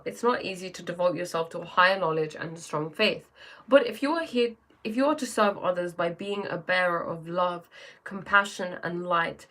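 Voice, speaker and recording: A woman with a fairly low voice hosts a live stream, chatting casually, greeting viewers by name, and reading oracle cards aloud. She often restarts her sentences.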